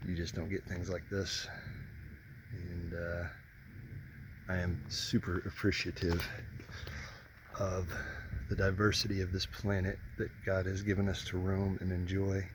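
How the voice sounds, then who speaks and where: A young hiking vlogger from Indiana in the US Midwest casually narrates a mountain trail hike for his viewers, chatty and openly awed by the scenery. His deep voice is monotone and unhurried with long pauses, over a noisy background outdoors.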